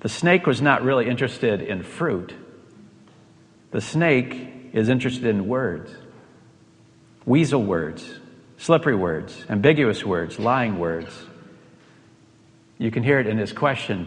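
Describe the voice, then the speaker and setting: A man's voice: mid-range voice, lively intonation, measured pace, long pauses. Man preaching in a reverberant hall. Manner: storytelling with voiced quotes and rhetorical questions. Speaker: pastor. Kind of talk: sermon. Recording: long reverb of a large hall.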